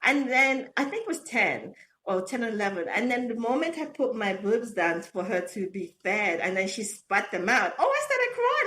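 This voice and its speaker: Middle-aged woman guest, animated storyteller, laughs a lot, faint room hiss. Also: on the high side, normal speed. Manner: animated, laughs often, acts out quotes. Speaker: podcast guest. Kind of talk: casual storytelling interview.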